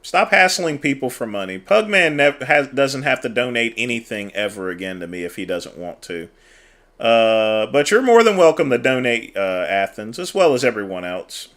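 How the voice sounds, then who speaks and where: Give me a man hosting a livestream, chatting to his viewers in an easy, offhand way. He pauses with small fillers as he thinks. His voice sits in an ordinary middle pitch. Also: big pitch swings, fairly bright tone. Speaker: livestream host. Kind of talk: casual commentary on a played clip.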